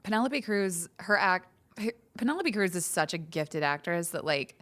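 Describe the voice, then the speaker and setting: A woman's voice: lowish voice, lively intonation, normal speed, a bit bright. A woman guest on a film podcast, chatting animatedly with plenty of "like" and laughing asides. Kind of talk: casual film podcast chat.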